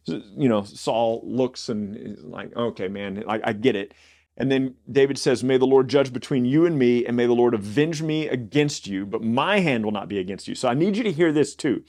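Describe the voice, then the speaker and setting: A man of medium pitch hosts a Bible study show. He reads passages aloud, then talks them through in a loose, conversational way. He stumbles and repeats words as he goes. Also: a little mellow. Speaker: Bible study podcast host. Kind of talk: reading scripture aloud and explaining it casually.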